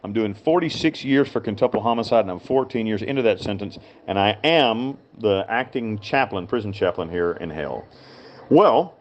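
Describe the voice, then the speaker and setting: A man with a Southern Appalachian mountain accent from Western North Carolina, a prison chaplain and inmate, gives a casual, rambling, frank monologue that repeats itself and drifts off topic. His voice sits on the low side and is expressive, at a moderate pace. The audio is dull, with slight background noise.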